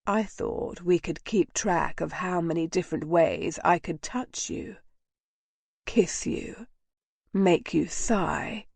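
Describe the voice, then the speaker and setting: Woman voicing a soft-spoken commanding nobleman. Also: fairly low pitch, takes it slowly, creaky, dry recording, exaggerated voice. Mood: low, intimate. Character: male nobleman lover, tender and commanding.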